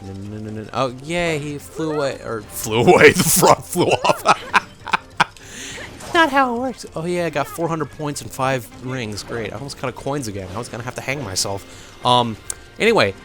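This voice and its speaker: A man talks over gameplay in a loose, rambling way, full of fillers and the odd curse at the game. His voice sits at a middling pitch but swings widely and expressively. Faint game music plays underneath. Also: lively intonation, normal speed, a bit bright. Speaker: let's play commentator. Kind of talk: casual gameplay commentary.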